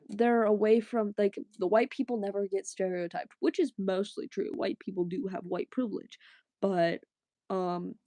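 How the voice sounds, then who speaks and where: Slow-talking woman chatting on stream. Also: fairly low pitch, warm tone, no echo. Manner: rambling, laughing, answering chat. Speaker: livestreamer. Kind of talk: casual livestream chat.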